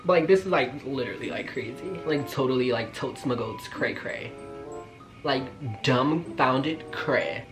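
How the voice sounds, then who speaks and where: A young man tells a storytime in loose, slangy talk, full of fillers. His voice sits at a medium pitch but jumps up and gets loud when he reacts, then falls to quiet asides. Soft music plays faintly underneath. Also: measured pace. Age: 20s. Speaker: vlogger. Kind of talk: storytime vlog.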